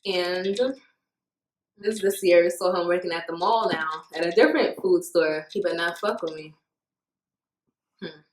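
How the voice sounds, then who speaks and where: A woman's voice: fairly low pitch, unhurried, pauses often. A young woman in college casually telling a story to camera, swearing freely and acting out what people said. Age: young adult. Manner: animated, profane, acts out quoted lines. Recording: echoey room with faint noise.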